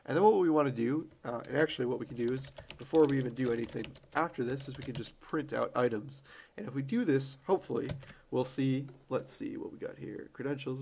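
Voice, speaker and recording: A man hosting a screen-recorded programming tutorial, relaxed and thinking aloud with fillers as he types code. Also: mid-range voice, a little hiss or hum.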